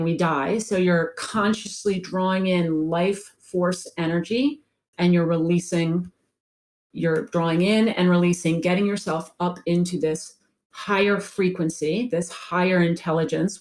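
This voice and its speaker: A woman's voice: on the low side, fairly even intonation, normal speed, a little mellow. A woman life coach answering interview questions in an earnest storytelling way, repeating phrases for emphasis.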